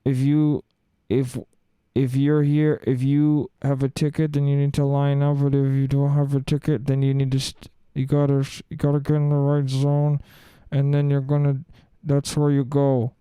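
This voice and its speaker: A muddled female airport announcer, played by a man, rambles her way through the boarding instructions, tripping over each phrase. Her voice sits lower than the performer's usual one and comes out louder and more distant. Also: monotone, normal speed, clear, resonant tone, dry recording, close to an everyday voice. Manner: rambling, garbled, stumbling over words.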